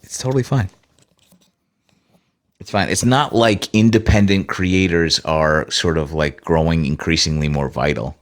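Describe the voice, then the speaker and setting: A man's voice: rumbling low, moderate pace, hardly any pauses. A man hosting a casual livestream, chatting with viewers in a sarcastic, profane way. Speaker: livestream host.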